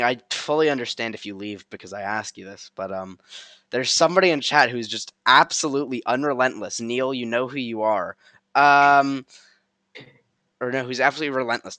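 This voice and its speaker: A man's voice: medium pitch, pushed and bright, no room sound. A young man hosting a casual livestream chat, giggly and rambling with lots of ums. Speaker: streamer host.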